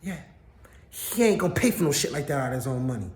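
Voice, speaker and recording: A man's voice: medium pitch, very animated, quick pace, darkish tone, reverberant. A man ranting blunt and profane to camera in a personal vlog. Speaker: vlogger.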